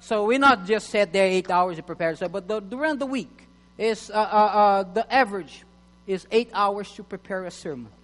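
A man preaching a sermon in English, which is not his first language, halting with restarts and reading scripture slowly and loudly. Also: sits high. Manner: halting, many restarts and fillers. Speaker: pastor. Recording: long hall reverb with mains hum.

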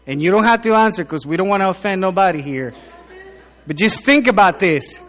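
High-voiced joking preacher in a reverberant hall. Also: male voice, lively intonation, moderate pace. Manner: conversational, joking, swings between loud emphatic lines and low asides. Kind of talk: sermon. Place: church hall. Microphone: handheld microphone.

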